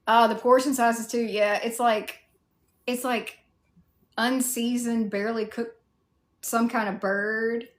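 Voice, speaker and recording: A woman's voice: on the high side, little pitch movement, takes it slowly, pauses often, reverberant. A woman with a Southern US accent, chatting casually on a livestream and answering viewer comments in a rambling way, full of "like" fillers. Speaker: cosplay streamer answering viewer chat.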